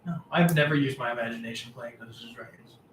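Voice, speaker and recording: A man's voice: mid-range voice, quick pace, a bit bright, far from the mic, a little hiss or hum. A young man co-hosting a casual podcast and bantering playfully and jokingly. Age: young adult. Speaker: podcast co-host. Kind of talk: casual chat. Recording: echoey room with faint ambience.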